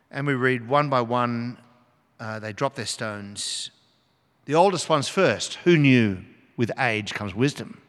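An older male pastor preaching in a church, his voice carrying a long reverb through the hall. He tells the story dramatically, dropping low and then surging up for emphasis. His pitch sits in the middle range for a man. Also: lively intonation, unhurried, fairly bright tone. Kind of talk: sermon.

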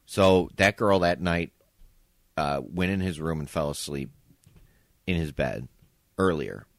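This podcast co-host speaks in a very deep, creaky voice at a measured pace, recorded dry with clean studio sound. Over drinks in a casual chat at someone's home, he animatedly tells a story, performing each quote.

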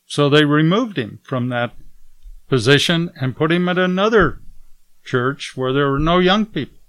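A man's voice: a little high, moderate pace, no room sound. A man telling a personal faith testimony as a guest, chuckling often and lifting his voice when he quotes other people. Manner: relaxed storyteller who chuckles often and raises his voice when quoting others. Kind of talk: storytelling testimony.

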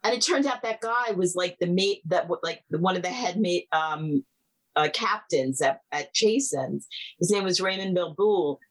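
A middle-aged woman, a filmmaker guest, telling stories in a chatty, animated way full of "like". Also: on the low side, normal speed, rough recording. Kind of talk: casual storytelling.

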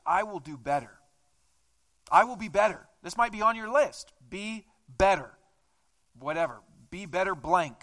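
Guy pastor giving a chatty sermon, bright voice, pitched a bit high, gets loud then drops real quiet. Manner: conversational, self-questioning preaching with wide swings in loudness. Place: church hall.

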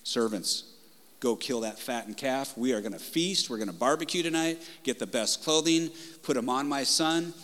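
A preacher voicing a joyful, welcoming father who calls out excited commands to his servants. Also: medium pitch, moderate pace, long reverb tail, lightly acted.

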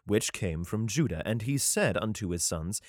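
A man's voice: lowish voice, expressive, moderate pace, no room sound, clean studio sound. A man reading scripture aloud and breaking off for irreverent, swearing comic commentary. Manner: irreverent, profane asides, frequent laughs. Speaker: reader.

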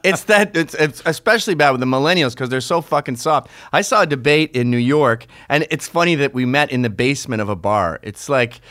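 A man's voice: medium pitch, lively intonation, fairly quick, few pauses, fairly bright tone, dry recording, studio quality. A man hosting a casual, opinionated chat, talking sarcastically and acting out mocking quotes. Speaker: podcast host.

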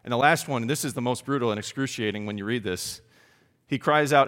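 A man preaching a sermon in an animated, emphatic way, often putting questions to his congregation. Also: mid-range voice, quick pace, in a large hall. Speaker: pastor.

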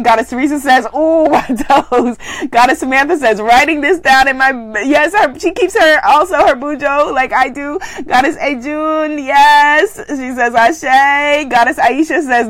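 A woman's voice: sits high, no room sound. A woman hosting a spiritual live stream at home, chatting casually and reading viewer comments with exuberant, affectionate energy. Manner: exuberant, affectionate, breaks into cheers and laughter. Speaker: spiritual livestream host.

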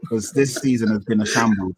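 A man's voice: fairly low pitch, fairly quick, slightly rough. A man talking football in a casual podcast discussion, blunt and exasperated. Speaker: football pundit.

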